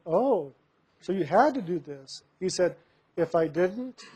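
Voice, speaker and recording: A man telling a personal story, recounting a conversation and slowing down for emphasis. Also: high voice, a little mellow. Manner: recounts dialogue with many "he said" tags, slows down for emphasis. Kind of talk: storytelling anecdote.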